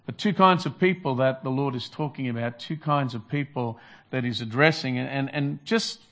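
A man's voice: medium pitch, normal speed, a bit bright. A man preaching a Sunday sermon, earnest and repetitive, building to emphatic calls. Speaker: pastor.

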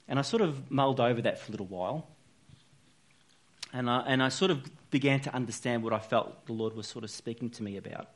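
A man's voice: medium pitch, fast talker. A man giving an informal, earnest sermon, talking conversationally with frequent restarts and fillers. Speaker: preacher.

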